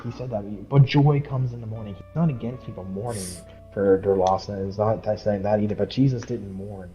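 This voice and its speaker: Man, low mellow voice, emphatic Bible study host, reads scripture slowly, dull lo-fi audio. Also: fairly even intonation, soft background music. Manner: emphatic, talks over the other speaker, reads verses slowly. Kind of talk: casual Bible study chat and scripture reading.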